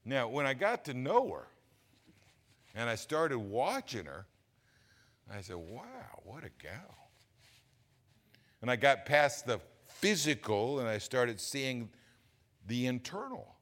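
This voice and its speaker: An older man, preaching a sermon in a folksy, animated, humorous way. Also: medium pitch, unhurried, long pauses. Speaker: pastor. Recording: long hall reverb.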